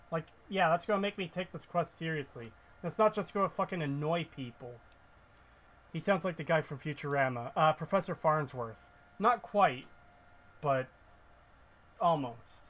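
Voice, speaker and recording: A man's voice: on the high side, lively intonation, moderate pace, a bit bright. A male game streamer giving casual, ranting commentary, blunt and sarcastic, who swears freely.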